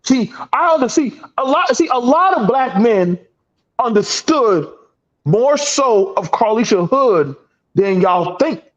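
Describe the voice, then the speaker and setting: A man's voice: extremely high pitch, lively intonation, takes it slowly, highs cut off. A man hosting a heated panel talk, telling emphatic, profane stories. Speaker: podcast host.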